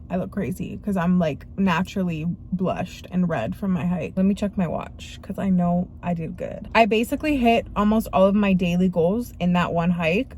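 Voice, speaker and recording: A woman's voice: medium pitch, darkish tone, slight background noise. A young woman vlogger chatting casually to her viewers in slangy, filler-heavy talk. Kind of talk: casual vlog chat.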